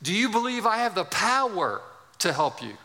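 A preacher voicing a patient divine voice from the sky that asks questions calmly, in a hall with a long echo. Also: male voice, sits high, moderate pace, gravelly, exaggerated voice.

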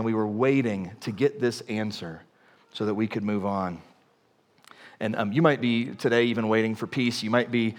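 A middle-aged pastor giving a sermon in a casual, conversational way with many fillers and restarts. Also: male voice, mid-range voice. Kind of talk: sermon with personal story. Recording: long hall reverb.

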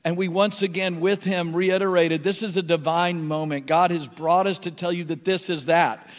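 A man's voice: high-pitched, moderate pace, big-room sound. A male pastor telling a story in a sermon, acting out the people he quotes. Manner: animated storyteller, acts out quotes. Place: large church hall.

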